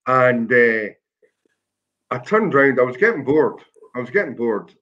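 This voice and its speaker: A man, a guest telling a lively, self-deprecating anecdote in a casual way. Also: medium pitch, unhurried, highs cut off. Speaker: guest storyteller.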